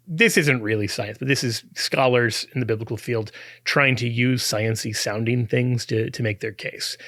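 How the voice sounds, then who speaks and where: A man with a mid-pitched, gravelly voice talks through an argument as a podcast host. He speaks conversationally, restarting phrases and chuckling now and then. The sound is dry, with no room echo. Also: fairly bright tone. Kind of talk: apologetics talk.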